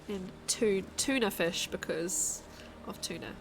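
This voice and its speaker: Softly accented New Zealand woman streaming. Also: medium pitch, animated, slow pace, a little hiss or hum. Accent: New Zealand, soft. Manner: chatty, reads chat aloud, thinks out loud. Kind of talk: casual live gaming chat.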